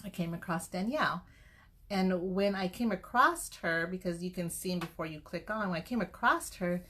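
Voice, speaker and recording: A middle-aged woman giving an earnest, motivational pep talk to her sales team, telling her story in a lively way and acting out what people said. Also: on the low side, moderate pace. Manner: earnest, faith-driven encouragement. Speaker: direct-sales team leader.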